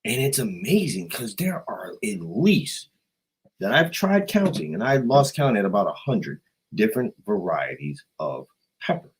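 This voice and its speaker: An American man rambling profanely on a livestream, jumping between loud outbursts and quiet asides. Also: on the low side, very animated, unhurried, breathy edge, low-quality recording. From United States. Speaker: livestream host. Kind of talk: rambling casual livestream chat.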